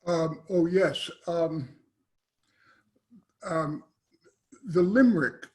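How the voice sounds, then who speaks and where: A professor poses a long question after a talk, pausing often and circling back on himself as he works through his point. His voice sits a little higher than most men's. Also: a little mellow. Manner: hesitant, halting, many "uh" and restarts. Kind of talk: academic Q&A question.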